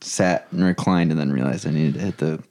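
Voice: very deep voice, a little fast, a little mellow. A podcast co-host chatting casually, rambling with many fillers. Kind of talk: casual banter.

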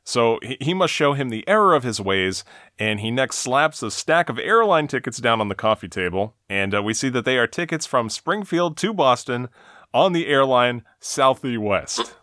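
A man's voice: mid-range voice, expressive, moderate pace, sharp tone, no echo, clean studio sound. A man hosting a podcast, casually recapping a cartoon episode scene by scene with light laughs.

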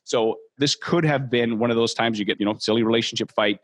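A man hosts a training podcast as a mortgage brokerage trainer, giving an earnest, encouraging motivational talk to his listeners. His voice is medium in pitch and a little fast.

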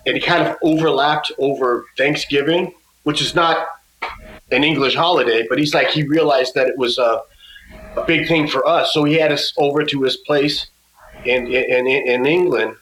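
A male guest musician telling a casual story in a halting way, with many restarts and laughs. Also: medium pitch, steady tone, fairly bright tone, reverberant, a little hiss or hum, rough recording.

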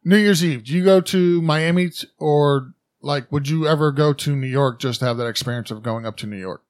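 A man's voice: a little high, dry recording. Dry-voiced man reading listener questions. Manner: reads questions briskly, jokes and laughs. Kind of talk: casual chat.

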